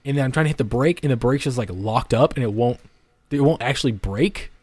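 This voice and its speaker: A man's voice: medium pitch, fairly quick, darkish tone, no echo. A young man co-hosting a podcast, telling a story in a rambling way with lots of swearing, restarts and "like" fillers. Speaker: podcast co-host. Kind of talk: casual storytelling.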